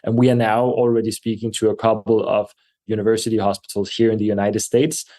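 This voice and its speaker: A man speaking as a podcast guest, measured and thoughtful, with frequent fillers and restarts. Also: lowish voice, flat delivery, warm tone. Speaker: guest, air purification company representative. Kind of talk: podcast interview answers. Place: New York.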